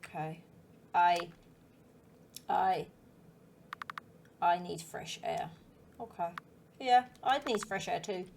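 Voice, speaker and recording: A woman voicing a frightened young child left alone at home, speaking quietly and hesitantly. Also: on the low side, takes it slowly, gravelly, pauses often, slight background noise. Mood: anxious.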